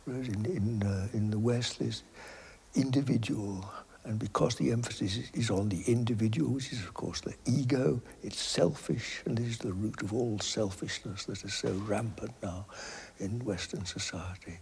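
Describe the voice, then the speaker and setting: An older man speaks in a low, gravelly voice with a steady grain of fry under his words. He gives reflective interview answers, hesitating and restarting often. He often slips into a soft, almost whispered delivery. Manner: halting, hesitant, with many restarts.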